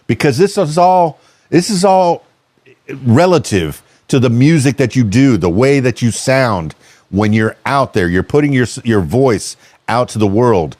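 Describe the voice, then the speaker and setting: A man's voice: mid-range voice, lively intonation, a little slow, darkish tone, no room sound. A middle-aged American man hosting a casual podcast interview, curious and rambling, often restarting his sentences. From United States. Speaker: podcast host.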